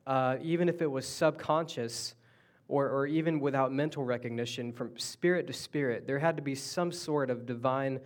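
A pastor preaching in a relaxed, conversational way, retelling a story with frequent restarts and side remarks. His voice sits at a middle pitch. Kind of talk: sermon.

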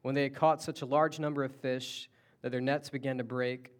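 A man's voice: mid-range voice, flat delivery, fairly quick. Man preaching in a storytelling manner. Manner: conversational storytelling with restarts and asides. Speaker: pastor. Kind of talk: sermon.

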